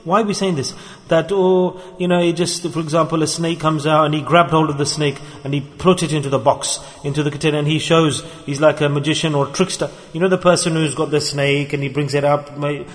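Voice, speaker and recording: A man giving a sermon in a mosque, telling stories and acting out the voices of the people in them. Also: fairly high pitch. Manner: storytelling, acts out quoted voices. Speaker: religious teacher. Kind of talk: sermon with acted examples. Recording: long hall reverb.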